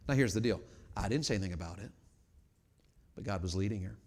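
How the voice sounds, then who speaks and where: Middle-aged man, revival preacher, folksy storytelling sermon, quiet then shouting, long hall reverb. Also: on the low side, fast talker, breathy edge. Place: large church auditorium.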